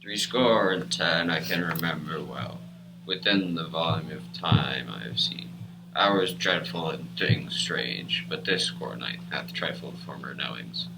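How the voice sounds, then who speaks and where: A man playing a grave old man who remembers seventy years, speaking slowly and solemnly in a school stage play. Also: full character voice. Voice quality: very deep gravelly voice. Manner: slow, solemn recollection. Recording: noisy school recording.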